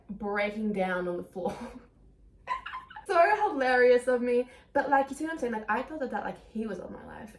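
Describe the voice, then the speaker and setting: A young woman talking in a casual confessional vlog, rambling and emotional, mocking herself and breaking into laughs, standing a little away from the camera. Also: mid-range voice. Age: young adult. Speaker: vlogger. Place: indoor room. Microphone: camera some distance away. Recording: echoey room, camera away.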